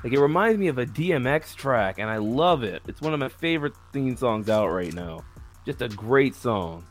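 A man's voice: medium pitch, moderate pace, soft background music. A man who is a guest on a podcast, chatting casually and saying "like" often. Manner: relaxed, uses "like" a lot.

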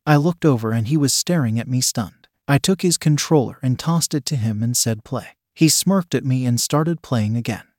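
A man's voice: mid-range voice, normal speed, few pauses, a little mellow, no room sound. Man reading an erotic story, dry sound. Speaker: narrator.

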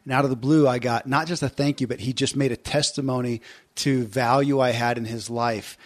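A man's voice: medium pitch, fairly even intonation, a little fast. A man hosting an interview podcast, speaking in a reflective, encouraging way. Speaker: podcast host. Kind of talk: interview conversation.

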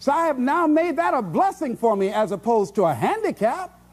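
A man's voice: very high voice, big pitch swings, moderate pace, slightly rough. A man giving a motivational speech, emphatic and preacherly, driving points home with repetition. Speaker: motivational speaker.

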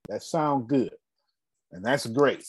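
A man in his forties talks business in a loose, storytelling way, repeating key points for emphasis and laughing often. His voice sits at a middle pitch. The sound is dry and close. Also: animated, slow, husky, dry recording. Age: 40s. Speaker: host. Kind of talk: casual business talk.

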